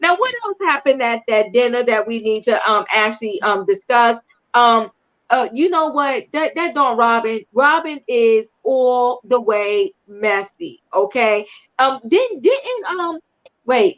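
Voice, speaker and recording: An older woman hosting a live-stream reality TV recap, animated and sassy, often tagging her points with "okay?". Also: fairly high pitch, unhurried. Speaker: show host. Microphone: online live stream. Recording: muffled lo-fi stream audio.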